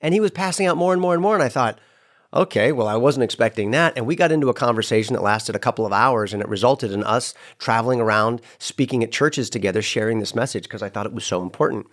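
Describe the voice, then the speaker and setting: A man guest in casual podcast chat, telling a story with lively voiced-out quotes. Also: mid-range voice, fast talker. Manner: animated storyteller, acts out quoted lines.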